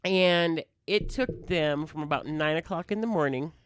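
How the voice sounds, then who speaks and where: A woman co-hosting a podcast, telling a story in relaxed casual chat. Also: low voice, normal speed. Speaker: podcast co-host.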